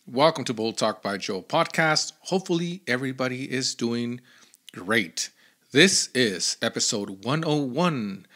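A man hosting his own podcast, telling a story in a chatty, animated way with lots of fillers. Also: medium pitch. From Phoenix, Arizona area. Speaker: podcast host. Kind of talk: casual solo podcast storytelling.

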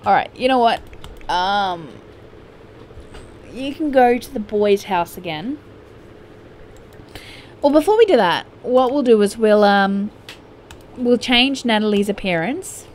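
Chatty woman with lively pitch. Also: slow pace, pauses often, slight background noise. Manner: chatty, excitable, scolds her game characters playfully. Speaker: gaming YouTuber. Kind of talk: casual gameplay commentary.

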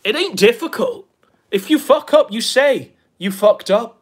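A man's voice: very high-pitched, lively intonation, measured pace, breathy edge. A man giving crude, profane, mocking commentary on clips, sneering and taunting. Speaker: online commentator.

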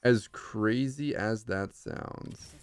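A young man streaming live gameplay commentary, excitable, swinging from low mutters to shouts. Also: drawn-out words, smooth.

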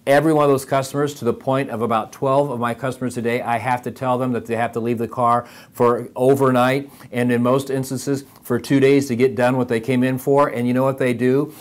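A man's voice: mid-range voice, little pitch movement, fairly quick, hardly any pauses. A man hosting a motivational podcast for service advisors, talking in a direct, emphatic way and repeating phrases for emphasis.

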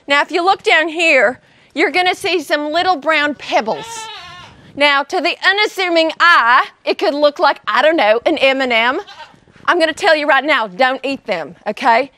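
Brief: bubbly high-voiced woman host, goofy kids' show chatter. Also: lively intonation, unhurried, pushed and bright, no echo. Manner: goofy, chatty, talks to the animals. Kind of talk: playful educational kids' vlog. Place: outdoor animal sanctuary.

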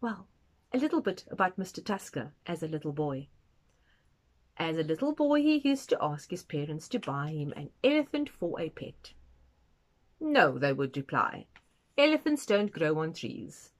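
A woman reading a children's picture book aloud, expressive and adding asides for young listeners. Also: low voice, moderate pace. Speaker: storytime reader.

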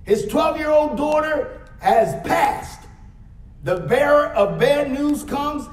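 A man's voice: extremely high pitch, lively intonation, takes it slowly. A male pastor preaching a sermon, calling out "Amen?" often and rising to emphatic peaks. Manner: preaching with frequent "Amen?" call-outs, emphatic rises. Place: church sanctuary. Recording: echoey church hall, mic at a distance.

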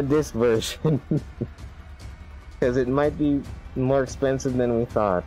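A man streaming his live reaction to a game event, chatty and excitable and laughing often. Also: mid-range voice, slow, soft background music, poor audio.

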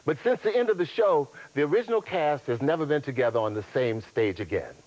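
A man's voice: fairly high pitch, lively intonation, brisk, darkish tone, rough recording. A man hosting a reunion special, presenting in a polished, playful way. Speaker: host.

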